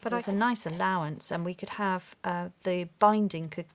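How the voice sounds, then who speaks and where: A woman hosting a craft video, chatting casually and gushing with excitement as she opens a parcel. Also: lowish voice, moderate pace. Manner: gushing, excitable, with gasps and exclamations. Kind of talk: casual unboxing chat.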